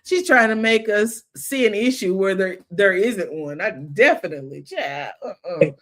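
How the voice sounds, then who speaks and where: A woman with a Southern American accent hosting a casual review chat, animated and laughing often, full of slang. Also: mid-range voice, moderate pace. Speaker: reality show review host.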